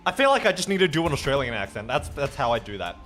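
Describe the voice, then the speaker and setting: A man's voice: mid-range voice, sing-song, fast, fairly bright tone, soft background music. A man hosting a casual game stream, chatting with viewers, joking, and reading the story dialogue aloud.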